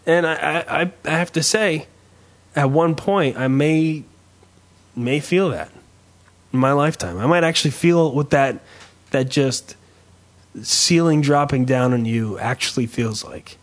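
A man hosting a podcast in casual chat, rambling and swearing freely while riffing with dark humor. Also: a little high, unhurried. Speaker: podcast host.

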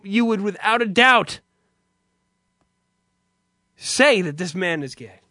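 Man, high voice, profane rambling storyteller, dry close recording. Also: a bit bright, dry recording. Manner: rambling with restarts and heavy swearing. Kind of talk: profane comic anecdote.

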